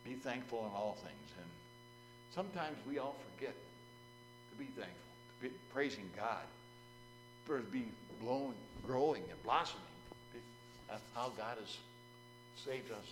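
A man's voice: medium pitch, animated, unhurried, long pauses, over music, poor audio. A man preaching a sermon in a folksy, storytelling way and putting questions to his listeners.

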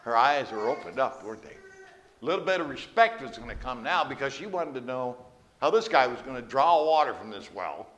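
Male preacher, animated intonation, chatty storyteller with asides. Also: mid-range voice, brisk. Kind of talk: sermon.

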